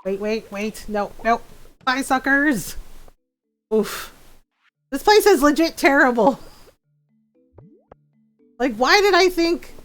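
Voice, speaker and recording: A woman streaming a video game live, reacting excitably and laughing often as she chats with viewers. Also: sits high, slow pace, pauses often, soft background music. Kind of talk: live gameplay commentary.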